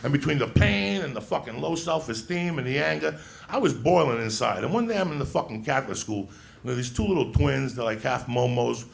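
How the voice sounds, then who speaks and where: A man's voice: medium pitch, animated, fairly quick, creaky. A man telling a rowdy childhood story on stage as a stand-up comedian, swearing and laughing as he goes.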